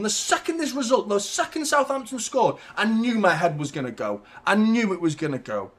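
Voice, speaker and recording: A man hosting a live football watchalong, talking casually to his audience, often swearing and getting loud and frustrated about the match. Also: sits high, moderate pace, hardly any pauses. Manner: ranting, swearing, frustrated, shouting when excited. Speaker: football channel host.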